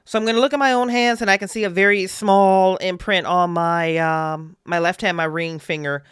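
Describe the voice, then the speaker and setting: Player voice, smooth and dry, mid pitch, intent and questioning. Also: fairly even intonation, a bit bright, no room sound. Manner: quick questions, intent, planning actions aloud. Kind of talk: in-character roleplay in a horror game.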